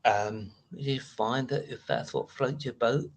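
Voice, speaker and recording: A man with a British accent talks casually on his live stream, in a mid-range voice that sits neither high nor low. He rambles from one aside to the next and stops to answer viewers' comments as they come in. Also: slow, a little hiss or hum.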